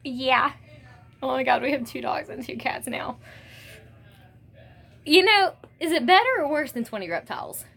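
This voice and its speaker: This young woman's high, husky, slightly bright voice has a gravelly edge, lively intonation, and a moderate pace with frequent pauses. Vlogging casually with her service dog, she coos at him in baby-talk sing-song and gives quick commands amid background noise.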